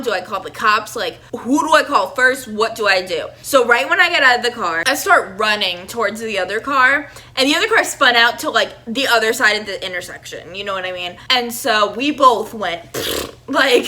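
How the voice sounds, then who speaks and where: A young woman telling a storytime vlog in a chatty, animated way, full of "like" fillers. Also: fairly high pitch. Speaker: vlogger.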